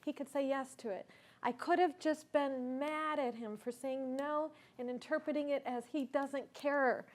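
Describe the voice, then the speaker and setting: A woman's voice: high voice, fairly bright tone. A woman speaking at a conference, telling a personal story in an earnest, reflective way and asking the audience questions. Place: conference stage.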